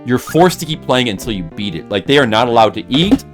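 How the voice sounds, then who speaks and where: A man's voice: medium pitch, very animated, fast talker, faint music behind. A man streaming a game, rambling casually to his chat and now and then putting on a mock rage. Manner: rambling, chats with viewers, bursts into mock rage.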